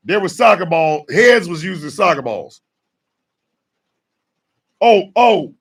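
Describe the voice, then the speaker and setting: Host: male, high and lively pitch, gravelly, fired-up ranting monologue, slightly distant mic. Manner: fired-up and shouting, mock call-outs. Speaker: morning show host. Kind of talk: ranting talk show monologue.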